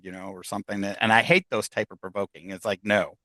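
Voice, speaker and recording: Man, paranormal investigator, casual interview, rambling, bright voice, dry recording. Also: fairly low pitch, fairly even intonation, fast talker, dry recording. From United States. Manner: rambling, many restarts and fillers.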